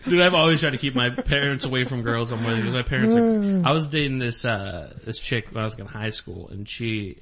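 A young man with a bright, sharp voice banters in a relaxed group chat. His pitch jumps around a lot as he cracks jokes and cuts in. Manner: joking, quick interjections. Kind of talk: casual banter among friends.

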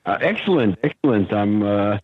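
A man, a guest on a radio show, chatting in a relaxed, halting way with many ums. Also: fairly low pitch, slightly rough. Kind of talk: casual chat. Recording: tinny phone line.

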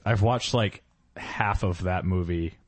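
A male podcast co-host with a low, deep voice chats in a loose, laid-back way. He leans on "like" and lets his sentences trail off. His voice is recorded dry and close. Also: takes it slowly, no echo. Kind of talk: casual chat. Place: small podcast studio.

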